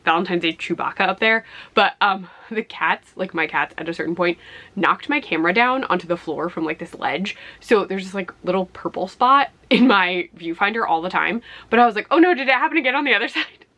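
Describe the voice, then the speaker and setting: A woman's voice: on the low side, normal speed, sharp tone. A woman book vlogger chatting casually to camera in her home office, rambling with many fillers. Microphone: camera on a ledge.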